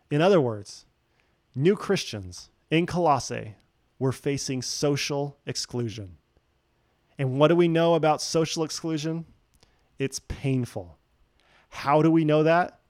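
A man's voice: fairly high pitch, darkish tone, dry recording, clean studio sound. A man preaching a sermon, telling a story with jokes and acting out the quoted voices. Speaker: pastor.

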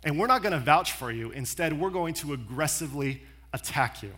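A preacher doing scheming religious elders. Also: male voice, fairly high pitch, animated, fairly quick, pushed and bright, husky, voice pushed down, full character voice. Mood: insistent. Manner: insistent, defensive. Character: scheming male religious leaders, insistent.

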